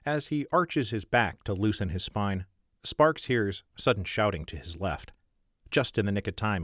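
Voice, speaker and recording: A man reading the stage directions of his own screenplay aloud in a measured, wry narrating style. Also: on the low side, fairly bright tone, dry recording, studio quality. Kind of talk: scripted narration, one-man table read.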